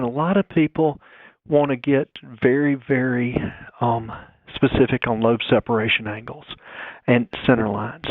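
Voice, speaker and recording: A man's voice: medium pitch, dry recording. Man explaining engine tech over the phone. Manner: explanatory, talks through figures step by step. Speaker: guest engineer calling in. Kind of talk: technical phone interview. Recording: dry tinny phone line.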